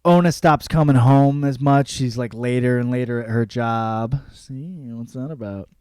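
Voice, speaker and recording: A man's voice: medium pitch, unhurried, warm tone, clean tone, dry recording, studio quality. A young man hosting a podcast, giving a casual book review, swearing freely and acting out the characters' lines. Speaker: podcast host.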